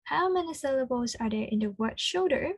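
A woman with an Australian accent leading an interactive children's lesson, slow and encouraging, full of praise. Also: high-pitched, expressive, breathy edge, no echo. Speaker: children's speech clinic presenter.

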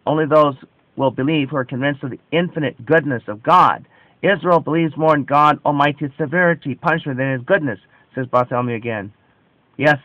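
A man reading scripture aloud with commentary, slow and solemn, stressing quoted dialogue. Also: on the high side, fairly bright tone, dry recording, dull audio.

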